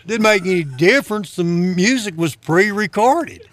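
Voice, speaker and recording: A man's voice: high-pitched, animated, normal speed, a bit bright, slight background noise. Folksy man spinning yarns. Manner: folksy, self-deprecating, chuckles between lines. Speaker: guest telling stories. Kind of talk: casual anecdotal storytelling.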